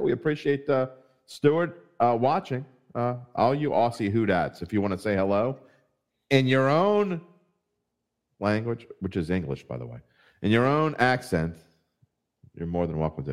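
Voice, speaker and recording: A man hosting a sports podcast in casual chat, joking about himself and greeting viewers. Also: fairly low pitch. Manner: jokey, self-mocking, greets viewers. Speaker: podcast host.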